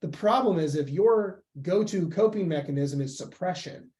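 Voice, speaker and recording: A young man talking as a podcast guest and weight-loss coach, emphatic and animated in casual conversation. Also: high-pitched, moderate pace. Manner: emphatic, animated, acts out quoted voices.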